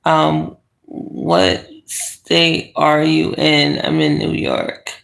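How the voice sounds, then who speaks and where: Laid back streamer in bed, super slow talker, gravelly voice, rambly and giggly. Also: mid-range voice, huge pitch swings, a bit bright. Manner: rambling, laughs often, slow and drawn out. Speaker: livestream host reading viewer chat. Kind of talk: casual live chat. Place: bedroom, lying in bed.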